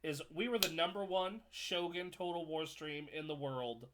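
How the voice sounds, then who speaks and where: A man co-hosting a casual gaming podcast, telling stories with animated energy, laughing and swearing freely. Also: fairly high pitch, moderate pace, background noise. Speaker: podcast co-host and streamer.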